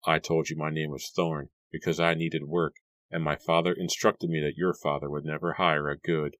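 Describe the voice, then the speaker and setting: A man voicing a troubled young farmhand from colonial times, speaking low, quiet and trembling. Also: level tone, moderate pace, no room sound.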